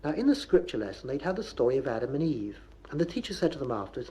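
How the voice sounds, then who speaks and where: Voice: mid-range voice, sing-song, fast talker, few pauses, warm tone, poor audio. A comic performer with a Bristol accent giving a mock lecture on local speech, on a 1970s comedy record. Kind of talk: comic talk on dialect.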